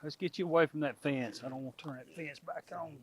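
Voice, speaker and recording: A man's voice: a little high, quick pace. A middle-aged man, chatting casually to his viewers and animals outdoors on a farm. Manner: folksy, talks to animals and viewers. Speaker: homestead vlogger.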